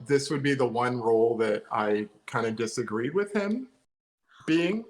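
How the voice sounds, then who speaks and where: A man's voice: medium pitch, expressive, a little slow, rough recording. A man co-hosting a casual podcast chat from home, weighing his opinions carefully and hedging as he goes. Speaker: co-host. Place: home, remote live show during lockdown.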